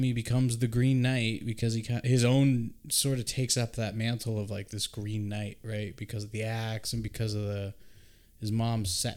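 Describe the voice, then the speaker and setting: A man hosting a casual podcast chat, retelling a movie scene with profane asides and acted-out quotes. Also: on the low side. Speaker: podcast host.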